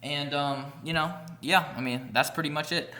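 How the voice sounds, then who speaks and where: A young man tells a rambling story for his vlog. He talks casually and profanely, piling up filler words as he goes. His voice sounds bright and pushed forward. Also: on the high side, steady tone, normal speed. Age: young adult. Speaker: vlogger.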